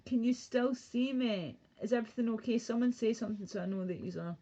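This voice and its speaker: A woman's voice: a little high, a little fast, mellow, lo-fi sound. Profane, ranting woman streamer. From Britain. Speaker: livestreamer. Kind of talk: casual livestream rant.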